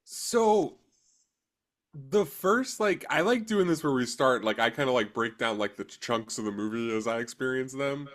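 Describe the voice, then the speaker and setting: A man's voice: medium pitch, animated, normal speed. A man co-hosting a movie podcast, talking casually in a rambling way, full of fillers and giggles. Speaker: podcast co-host. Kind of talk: casual chat.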